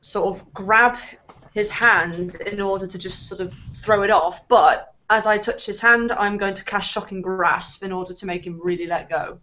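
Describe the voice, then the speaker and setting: A woman's voice: medium pitch, normal speed, sharp tone, a little hiss or hum. A woman playing a tabletop game who talks casually and sometimes hesitates. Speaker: player. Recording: dull lo-fi recording.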